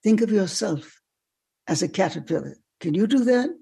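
A woman's voice: medium pitch, lively intonation, moderate pace, vocal fry. A woman doing a merry old French priest. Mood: wondering. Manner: gently coaxing, wondering.

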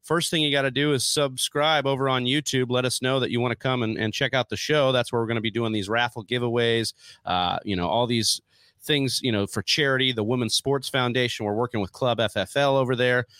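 A man's voice: mid-range voice, steady tone, a little fast, a bit bright, no room sound. A man co-hosting a casual sports podcast, chatty and upbeat, building hype as he talks to listeners on a close mic. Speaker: podcast co-host. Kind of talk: casual fantasy football podcast talk.

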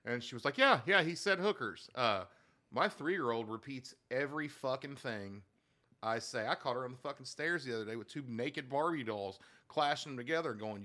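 Bright-voiced swearing dad telling stories. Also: male voice, medium pitch, a little fast. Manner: profane storyteller, swears constantly. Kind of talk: casual chat.

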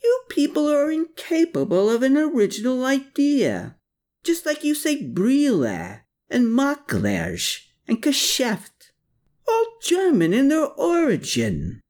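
Narrator putting on a screechy old drunk guy, scornful, shrill and jumpy. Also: wildly swooping pitch, takes it slowly, darkish tone, full character voice. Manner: growling, screeching.

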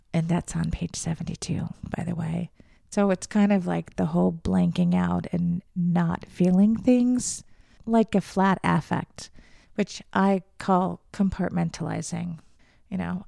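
A woman in her fifties hosting a podcast, talking candidly and reflectively in a casual monologue that sometimes drops to soft murmurs. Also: lowish voice, gravelly, no room sound, studio quality. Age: 50s. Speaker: podcast host.

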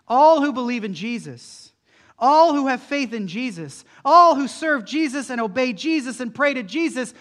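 A man's voice: very high-pitched, lively intonation, normal speed, a bit bright. A man preaching an emphatic sermon as a pastor, using rhetorical questions. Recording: long hall reverb.

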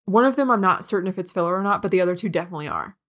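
A woman co-hosting a podcast in casual chat, excitable, swearing freely and laughing often. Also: on the low side, racing. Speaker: podcast co-host.

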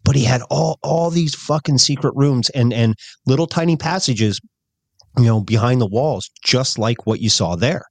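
A man co-hosting a podcast who talks in halting, casual chat, often repeating words and swearing. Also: medium pitch, vocal fry, no echo. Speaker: podcast co-host.

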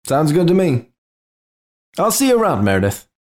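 A man's voice: a little high, huge pitch swings, moderate pace, darkish tone, voice pushed up. A man voicing a cheerful male bird creature with a mechanical wing, grateful and stammering.

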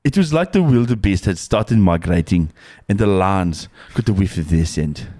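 A rowdy young South African rugby tourist with a thick Afrikaans accent, as a man puts him on, telling a wild story with boisterous relish. The put-on voice is pitched higher than the man's own low voice. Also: expressive, normal speed, warm tone. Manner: boisterous, storytelling, reading a letter aloud. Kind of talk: comedic read-out in a put-on accent.

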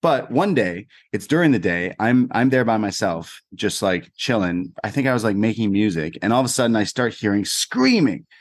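A man co-hosting a casual podcast, telling an animated anecdote with lots of fillers. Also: fairly low pitch, normal speed, hardly any pauses. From Canada. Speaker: podcast co-host. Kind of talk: casual chat, storytelling.

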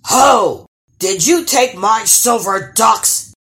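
A woman voicing a huge, greedy male troll in a storybook, booming and menacing. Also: expressive, unhurried. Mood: bellowing. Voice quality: loud, booming shouts.

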